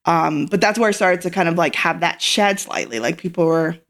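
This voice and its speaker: Rambling storyteller with faint Irish lilt. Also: female voice, on the low side, brisk. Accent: Irish, faded. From Ireland. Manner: rambling storyteller, frequent fillers, acts out quoted lines. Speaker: guest. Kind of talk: casual interview.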